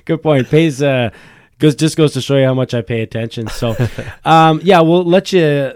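A man's voice: fairly high pitch, normal speed, a little mellow, smooth, no room sound, studio quality. A man co-hosting a casual hockey podcast, chatty and loose, swearing now and then. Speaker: podcast co-host. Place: small studio at a bar.

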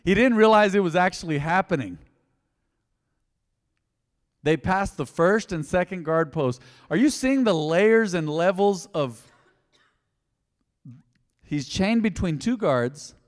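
Preacher guy, kinda high voice, lots of reverb, gets loud then drops way down. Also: moderate pace, long pauses. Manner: animated preaching, acting out quotes. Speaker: pastor. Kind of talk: sermon.

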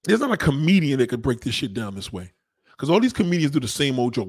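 A man with a husky, slightly rough voice, ranting bluntly and crudely in a casual way. His pitch swings widely as he drives his points home, and he often says the same thing twice. The sound is dry and close, with no room around it. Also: huge pitch swings, fast, dry recording. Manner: blunt, crude, repeats himself for emphasis. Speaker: monologue speaker. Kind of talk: casual profane rant.

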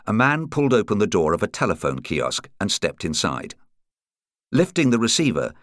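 A man narrating a true-crime audiobook in a measured, atmospheric reading style. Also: on the low side, fairly bright tone, no room sound, studio quality.

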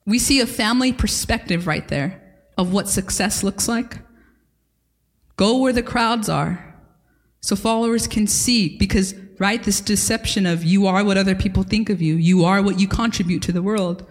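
A woman's voice: medium pitch, normal speed, in a large hall. A woman pastor delivering a sermon at a church service, earnest and emphatic with repeated phrases.

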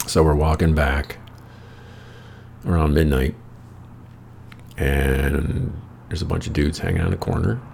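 American male storyteller, very low and heavily gravelly voice, rambling and profane, wry casual delivery. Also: steady tone, measured pace, long pauses, a little mellow, slight background noise. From United States. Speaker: storyteller host.

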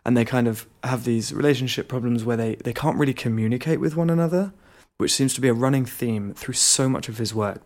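A man's voice: medium pitch, a little mellow. A young man hosting a podcast, talking through his thoughts on novels in a casual, rambling way, often correcting himself mid-sentence. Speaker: podcast host. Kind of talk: casual book review monologue.

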